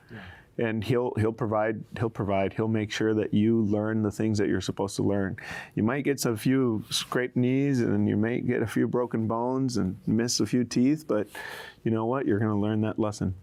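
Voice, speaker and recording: A man's voice: on the low side, vocal fry, a little mellow. A man answering as a guest in an interview, blunt and emphatic.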